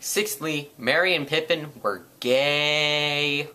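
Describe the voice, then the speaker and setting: Brief: male vlogger, comedic rant, rambling and crude, bright timbre. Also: on the high side, slow. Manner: sarcastic, profane, rambling.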